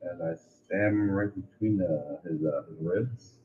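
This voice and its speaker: A man playing a tabletop game, talking casually and stammering when excited. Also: low voice, unhurried, phone-quality sound, a little hiss or hum. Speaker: player.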